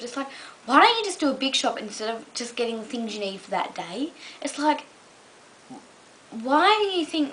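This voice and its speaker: A woman's voice: sits high, a bit bright, a little hiss or hum, low-quality recording. A young Australian woman vlogging casually to camera, rambling with lots of "um" and "like". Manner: rambling, full of "um" and "like".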